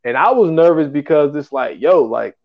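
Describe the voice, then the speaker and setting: Guy hosting a pod, kinda high voice, rambly and loose, dull lo-fi sound. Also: expressive, normal speed. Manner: rambling, fills with "you know what I'm saying". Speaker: podcast host. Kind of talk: casual chat.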